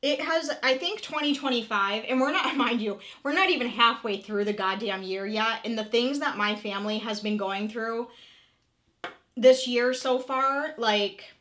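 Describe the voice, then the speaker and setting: A woman's voice: fairly high pitch, unhurried, fairly bright tone. A woman in her thirties talking candidly in a casual confessional vlog, emotional and open, swearing freely and filling her talk with "like". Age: 30s. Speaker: vlogger.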